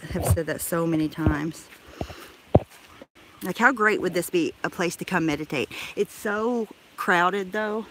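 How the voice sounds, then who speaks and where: A woman's voice: fairly low pitch, a bit bright, a little hiss or hum. A woman chatting on a live stream while walking through a park, out of breath, swearing casually and laughing often. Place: outdoors in a crowded park. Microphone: handheld phone camera.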